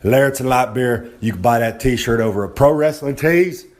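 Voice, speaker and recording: Brash wrestler boasting into a phone. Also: male voice, medium pitch, moderate pace. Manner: brash, boastful, talks of himself in the third person. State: sore and hungover. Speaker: wrestler with a regular podcast segment. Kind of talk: wrestling promo monologue. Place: at home. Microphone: phone held close to the face.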